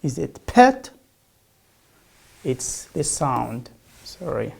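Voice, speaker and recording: Slow, gravelly teacher. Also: medium pitch, expressive. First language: Arabic. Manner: drills words by repeating them with loud emphasis. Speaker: English teacher. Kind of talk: recorded distance-learning lecture.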